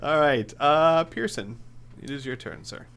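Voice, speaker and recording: A man's voice: on the high side, a little slow, fairly bright tone. A man running a tabletop role-playing game as game master, making rulings in a laid-back way and chuckling as he goes.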